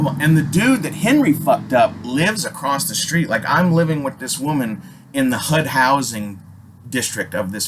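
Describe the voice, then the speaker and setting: A middle-aged man from Alaska telling a story casually, swearing constantly and jumping loudly when he acts out what people said. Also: mid-range voice, a little hiss or hum. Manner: animated, swears constantly, acts out quotes with loud jumps.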